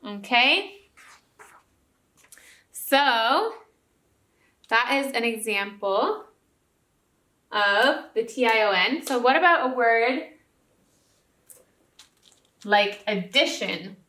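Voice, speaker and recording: A woman's voice: on the high side, lively intonation, very slow, pauses often, sharp tone. A woman teacher giving a recorded spelling lesson to young students, patient and encouraging, often checking in with "okay?". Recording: roomy echo.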